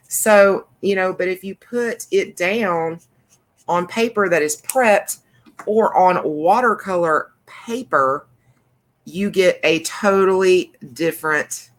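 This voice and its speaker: A woman hosting a craft channel, chatting through a coloring demonstration in a rambling way with many fillers. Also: deep voice.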